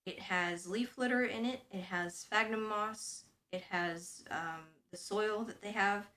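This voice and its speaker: A woman's voice: mid-range voice, unhurried, sharp tone, slight background noise. A woman in her twenties from the United States, chatting casually as a streamer while she works at home, thinking aloud with lots of fillers. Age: 20s. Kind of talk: casual explaining while working.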